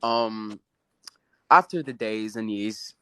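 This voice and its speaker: Brief: easygoing guest man, playful slang, slightly low voice, casual call-in chat. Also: slow, fairly bright tone, clear, resonant tone, dry recording, studio quality. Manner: laid-back, slangy and playful. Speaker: guest caller on a live lesson.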